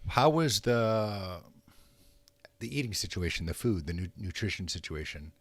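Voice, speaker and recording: A male podcast host talks in a loose, rambling way in casual conversation. His voice sits a little low, and the recording is dry and close. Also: moderate pace, no echo. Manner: relaxed, rambling, loose phrasing. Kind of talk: casual interview chat.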